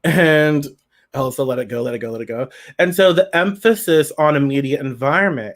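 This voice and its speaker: A man's voice: fairly high pitch, fairly bright tone. A man giving a pick-a-card tarot reading, talking to viewers in a chatty, playful way.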